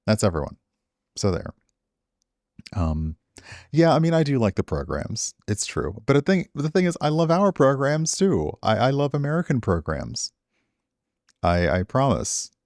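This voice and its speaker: A man's voice: mid-range voice, very animated, measured pace, long pauses, darkish tone, no room sound, clean studio sound. A middle-aged man streaming, chatting with viewers in a rambling, self-deprecating way. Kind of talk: casual stream chat.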